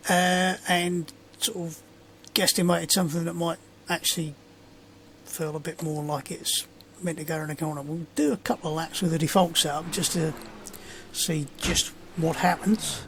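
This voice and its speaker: A man giving relaxed, rambling gameplay commentary as a sim racing video host, with many fillers and dry sarcasm. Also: a little high, moderate pace, creaky, slight background noise.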